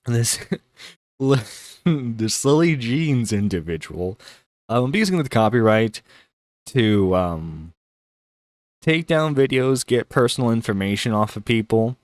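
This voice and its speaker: A man's voice: mid-range voice, very animated, no room sound, studio quality. A man hosting a livestream, chatting casually and laughing as he reacts to a video. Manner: chatty, laughing, halting with fillers. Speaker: streamer host.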